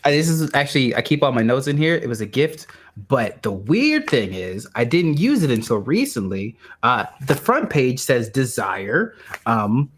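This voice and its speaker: Man tabletop player, lively swooping voice, laughs a lot, faint hiss behind. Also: medium pitch, moderate pace. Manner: giggly, animated and rambling. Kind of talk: casual chat at a game table.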